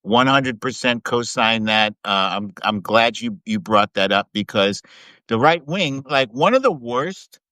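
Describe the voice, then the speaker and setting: A man's voice: mid-range voice, animated, unhurried, sharp tone, no room sound, poor audio. A man talking on a live video stream in casual political chat, upbeat and emphatic, laughing often.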